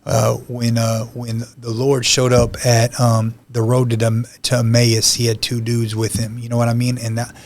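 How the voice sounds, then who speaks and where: A man's voice: medium pitch, completely flat delivery, moderate pace, hardly any pauses, darkish tone. Earnest man sharing a heartfelt testimony. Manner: earnest, conversational, frequent "you know" asides; emotional, heartfelt retelling. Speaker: podcast guest. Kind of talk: personal testimony storytelling.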